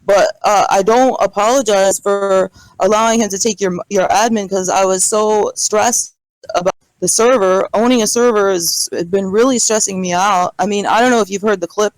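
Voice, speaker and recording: A woman's voice: mid-range voice, steady tone, normal speed, no room sound, rough recording. A woman, a server owner, defending herself in a voice-chat argument, pleading and explaining.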